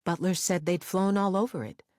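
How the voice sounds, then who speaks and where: An audiobook narrator reading a thriller in a measured, expressive storytelling manner on a close studio mic. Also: mid-range voice, no echo.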